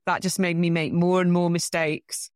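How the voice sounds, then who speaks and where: Brief: middle-aged English woman, lowish voice, animated anecdotal guest, dry close sound. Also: normal speed, no room sound. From England. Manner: anecdotal, self-deprecating, animated storytelling. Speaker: bridge champion guest. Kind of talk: casual interview.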